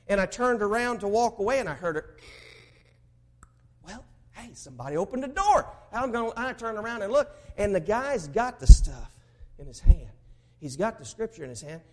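A man from Mississippi with a broad Southern accent preaches with fervor, his voice sitting high for a man. He tells stories from the pulpit, swinging from ringing exclamations down to hushed asides. He sounds middle-aged. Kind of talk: sermon.

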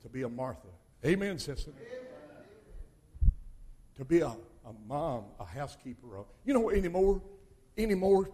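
An older man preaching a sermon as pastor, swinging between loud exhortation and quiet asides. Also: medium pitch, husky.

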